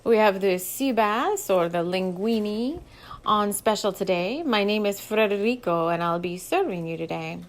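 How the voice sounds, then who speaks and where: Brief: woman reading as a smooth, eager male waiter, overly polite, speaking up. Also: medium pitch, moderate pace, few pauses, a little mellow, close to an everyday voice.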